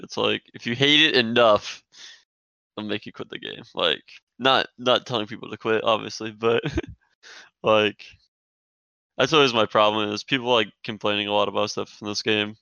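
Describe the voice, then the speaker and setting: A man's voice: on the low side, gravelly, sharp tone, smooth, dry recording, muffled recording. A man in casual gaming podcast banter, laid-back, laughing often and saying dude a lot. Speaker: podcast co-host.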